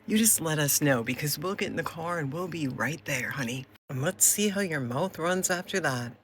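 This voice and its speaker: A woman's voice: low-pitched, expressive, normal speed, slight background noise. A woman from Minnesota, delivering a blunt, sarcastic, confrontational rant straight to the camera. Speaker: commentator. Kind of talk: angry direct-to-camera rant.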